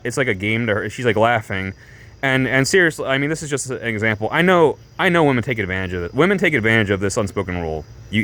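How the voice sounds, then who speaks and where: A man of medium pitch tells a story to camera in a loose, rambling vlog style. He leans hard on fillers and restarts and stays animated throughout. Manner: animated, breaks into laughs. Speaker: vlogger.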